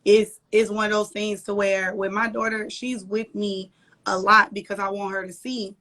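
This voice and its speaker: A young woman talks loose and slangy over a live video call, laughing often as she tells her stories. She speaks from a small corner at home, mid-pitched and easy. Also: level tone, normal speed, a bit bright. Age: young adult. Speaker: guest, entrepreneur and mother. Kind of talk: casual interview chat.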